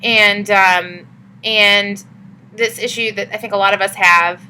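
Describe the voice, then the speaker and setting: Bright-voiced chatty young woman vlogging. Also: medium pitch, steady tone, a little slow, clean tone, poor audio. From Massachusetts. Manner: chatty, upbeat, many fillers. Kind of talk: casual vlog talk.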